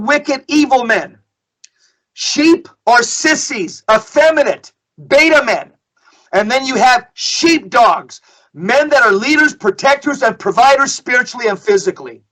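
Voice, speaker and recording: Middle-aged male guest storyteller, high and bright, emphatic, repeats phrases. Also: poor audio. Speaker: guest speaker. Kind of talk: storytelling in a podcast discussion.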